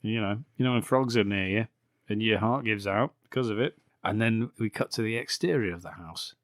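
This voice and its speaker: A man's voice: on the low side, brisk, dry recording, clean studio sound. A man hosting a podcast, sarcastically recapping a bad film with frequent swearing and laughter. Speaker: podcast host.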